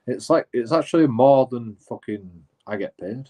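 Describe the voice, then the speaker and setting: This man's voice is medium-pitched, expressive and dark, at a moderate pace. Streaming, he tells a casual, rambling story laced with swearing, asides, restarts and plenty of "you know."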